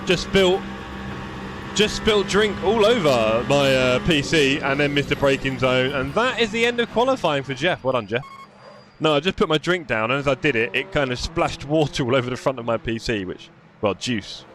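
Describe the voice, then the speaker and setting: Chatty man, lively pitch. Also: moderate pace, slight background noise. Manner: chatty, reads chat aloud while driving. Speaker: sim racing streamer. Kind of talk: casual live-stream commentary. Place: home sim racing rig.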